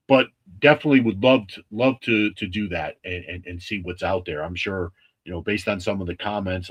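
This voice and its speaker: A man hosting a casual livestream with a husky voice, talking in a rambling, halting way with many restarts. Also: deep voice. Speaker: livestream host.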